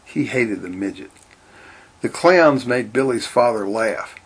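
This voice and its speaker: A man reading a children's-style story aloud in a deadpan, matter-of-fact way. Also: mid-range voice, unhurried, slightly rough. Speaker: narrator.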